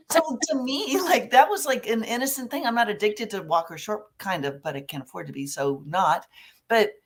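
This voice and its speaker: A woman in casual talk, telling lively stories and acting out what people said. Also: mid-range voice, a little fast. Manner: animated storyteller, acts out quoted voices. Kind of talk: casual conversational discussion.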